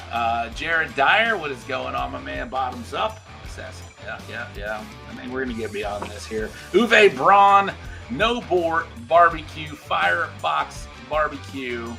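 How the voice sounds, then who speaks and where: A man hosting a livestream show, chatting casually and reading out viewer shout-outs. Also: medium pitch, vocal fry. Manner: reads out viewer names in quick shout-outs.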